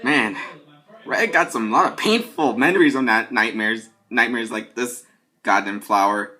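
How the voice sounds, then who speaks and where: A fan-video creator giving excitable, jumpy commentary with casual swearing. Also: mid-range voice, measured pace. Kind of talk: excitable skit narration with commentary.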